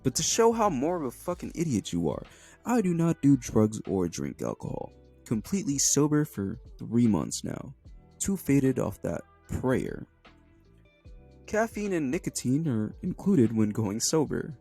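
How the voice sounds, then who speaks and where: A man's voice: mid-range voice, big pitch swings, measured pace, gravelly, mellow, breathy edge, faint music behind. A young man doing ranting commentary, angry, profane and mocking. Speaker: commentary YouTuber.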